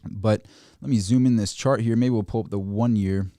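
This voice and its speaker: A man hosting a casual finance livestream, talking in an animated, sarcastic way with frequent restarts. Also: on the low side, normal speed, no room sound. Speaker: host of a finance channel. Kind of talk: casual market commentary livestream.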